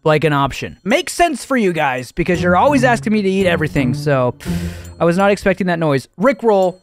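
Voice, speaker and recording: Hyped young dude reacting to memes, kinda high voice, music going in the back. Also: male voice, fairly quick. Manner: excitable, slangy, does silly voices. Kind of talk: casual reaction commentary. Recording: music playing behind.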